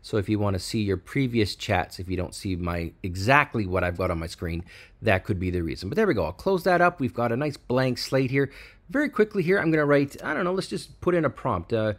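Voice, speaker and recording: Man, tech channel host, screen-recorded walkthrough, excited and chatty, very lively pitch. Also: brisk. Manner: excited, chatty, hypes each feature.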